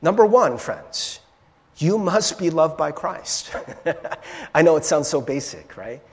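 A male pastor with a voice on the high side preaches slowly in a church sanctuary, animated and conversational, often checking in with "right?". The large hall gives the recording a long reverb.

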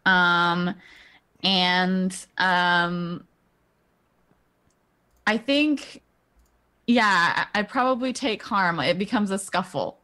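A woman playing in a tabletop game, impulsive and quick to laugh. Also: on the low side, sharp tone. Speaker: player.

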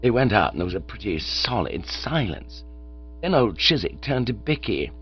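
A man reading comic fiction aloud in a wry, expressive way, on a dull recording with a mains hum. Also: on the low side, a little fast, breathy edge. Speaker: audiobook reader.

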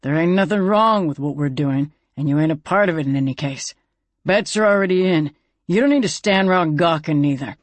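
A narrator voicing a gruff, cold male possum storekeeper in a storybook, with a blunt backwoods drawl. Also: medium pitch, fairly quick, no room sound, natural voice.

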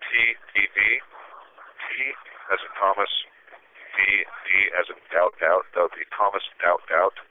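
Man, very deep voice, rambling, spells words out, jail phone call, tinny line. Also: normal speed, a little hiss or hum. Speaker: caller from jail. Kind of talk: phone monologue.

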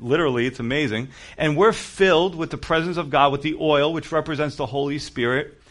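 Conversational New pastor preaching. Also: male voice, fairly high pitch, fairly bright tone. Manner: conversational preaching, acts out quoted voices. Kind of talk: sermon.

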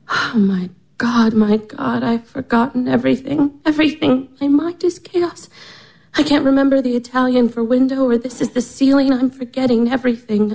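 A young woman of twenty-four at the end of her rope, anguished and close to weeping. Her voice sits a little high yet sounds dark and mellow. It often drops into a breathless whisper. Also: creaky. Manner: anguished, tearful, breaking into whispers. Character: despairing young woman nearly twenty-four, weary of life. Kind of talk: stage drama acting.

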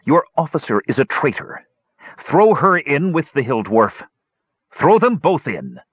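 Man doing a high sneering dwarf villain, husky, swooping, dull dry audiobook sound. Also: very animated, unhurried, dry recording, heavily acted. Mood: shrieking. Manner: silky, mocking and sinister. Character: cruel hunchbacked male dwarf savant.

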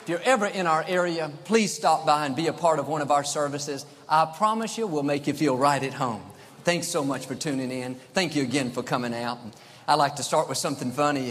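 Pastor guy preaching, kinda high voice, big echoey church hall. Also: a bit bright. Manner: upbeat, emphatic preaching with joking asides. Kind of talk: televised sermon.

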